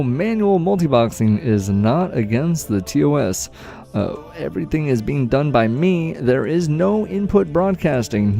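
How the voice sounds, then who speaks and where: Hyped, gravelly male game streamer. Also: mid-range voice, dark tone. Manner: hyped, profane, self-cheering. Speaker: gameplay streamer. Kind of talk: live gameplay commentary.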